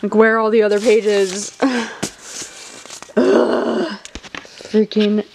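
A woman's voice: mid-range voice, level tone, takes it slowly, vocal fry, darkish tone. Young woman vlogger, casual and stressed, lots of "like" and swearing, faint hiss behind. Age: young adult. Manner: filler-heavy, swears often. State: stressed and upset. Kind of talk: casual vlog talk.

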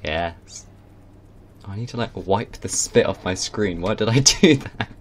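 Giggly lively-voiced man gaming. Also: on the low side, unhurried. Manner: giggly, excitable, laughs a lot. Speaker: gaming channel host. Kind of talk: casual gameplay chat.

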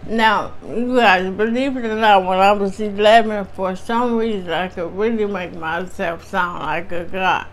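A woman's voice: medium pitch, steady tone, a little slow, few pauses. A woman vlogger with a strained voice, telling a personal story to her viewers in a candid, chatty way. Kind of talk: casual storytime chat.

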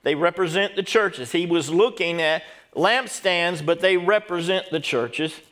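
A middle-aged pastor delivers a sermon in a fairly high voice. He talks straight to the congregation and has them say words back to him. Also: unhurried, fairly bright tone. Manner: preaching with call-and-response to the congregation.

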